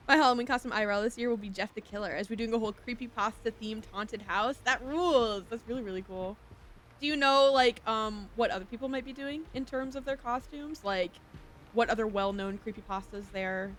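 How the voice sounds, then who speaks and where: A woman's voice: a little high, fairly quick, fairly bright tone. A young woman streaming a shop game, chatting casually and giggly, reading chat aloud and slipping into a playful whiny voice. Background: game music.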